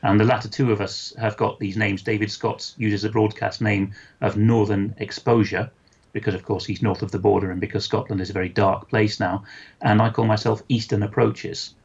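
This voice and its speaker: A man giving an interview, speaking articulately in measured sentences with many fillers. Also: lowish voice, level tone, creaky, a little mellow, slightly rough, lo-fi sound. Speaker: interview guest. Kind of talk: conversational interview.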